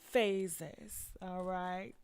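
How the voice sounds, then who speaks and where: A woman hosting a celebrity gossip show, reading out statements and reacting bluntly with profane, sassy asides, swinging from low mutters to loud outbursts. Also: steady tone, drawn-out words, gravelly, clear, resonant tone. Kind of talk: casual commentary reading statements.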